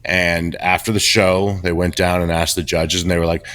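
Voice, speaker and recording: A middle-aged man co-hosting a podcast over a video call, telling blunt stories candidly and with lively restarts. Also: low voice, normal speed. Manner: candid, animated storytelling with restarts. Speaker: podcast co-host. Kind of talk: casual podcast chat.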